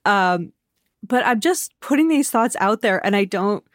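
A woman's voice: medium pitch, lively intonation, unhurried, dry recording. Young female podcast host, loose and chatty, dry close-mic sound, mid-range voice. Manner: chatty, self-deprecating, frequent "um" and "like". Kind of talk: casual chat. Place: her living room at home.

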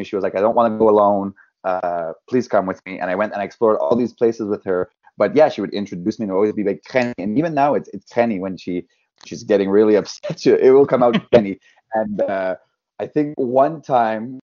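A man's voice: fairly low pitch, dark tone, dull audio. A man from Canada, a podcast guest, telling stories in casual chat and acting out the people in them. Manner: storytelling, quoting people in voices.

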